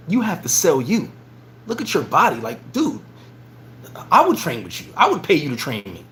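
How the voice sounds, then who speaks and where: Guy with a high voice for a man, just chatting away on his vlog, animated, keeps repeating himself mid-story. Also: a little fast, slight background noise. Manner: animated, repeats words while telling stories. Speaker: vlogger. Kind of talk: casual storytelling monologue.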